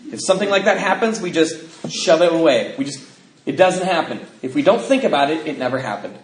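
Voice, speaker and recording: Man, middle-aged, recovery speaker, animated storytelling, higher-pitched voice, roomy hall sound. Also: fairly quick, slight background noise. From United States. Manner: animated storytelling, acting out family members with big pitch jumps. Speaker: AA convention speaker. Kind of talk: recovery talk sharing his story. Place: convention hall. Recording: echoey convention hall.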